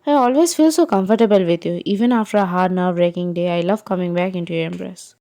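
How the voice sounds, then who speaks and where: A woman's voice: on the low side, fast talker, warm tone, natural voice. A woman voicing a nervous but sincere young woman, speaking earnestly.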